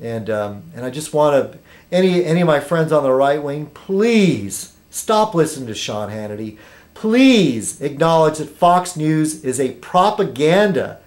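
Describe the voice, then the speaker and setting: A man's voice: on the high side, big pitch swings, darkish tone. Chatty man in an echoey room. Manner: reads aloud haltingly, stumbles on foreign words. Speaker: vlogger. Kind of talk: rambling political commentary.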